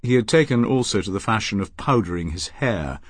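Husky low-voiced man narrating an audiobook. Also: brisk, dry recording. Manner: expressive, dramatic.

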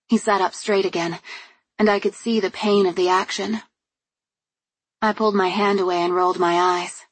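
Husky woman narrating an audiobook. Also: medium pitch, steady tone, normal speed, pauses often, no echo. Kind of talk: scripted first-person audiobook narration.

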